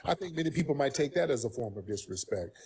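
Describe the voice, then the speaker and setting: Husky, blunt male livestream host. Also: mid-range voice, fast talker. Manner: blunt, profane, animated. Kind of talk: casual call-in livestream commentary.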